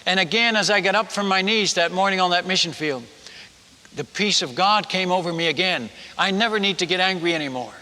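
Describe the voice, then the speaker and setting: A man telling a personal story in a sermon, chatty and animated, stumbling over restarts and asking the audience questions. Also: high-pitched, a little fast. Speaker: missionary preacher. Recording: echoey hall.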